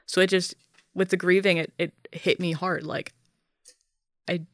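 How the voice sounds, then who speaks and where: A young woman talking in a casual podcast conversation, halting and full of fillers and restarts, blunt and profane. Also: lowish voice, flat delivery, a bit bright, dry recording, studio quality.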